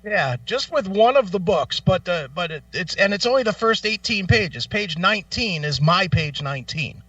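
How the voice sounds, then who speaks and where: Radio host guy ranting, swears a lot, high animated voice, kinda muffled and far off. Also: normal speed, no echo. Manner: profane, exasperated, laughs while telling. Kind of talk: casual storytelling rant. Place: radio studio.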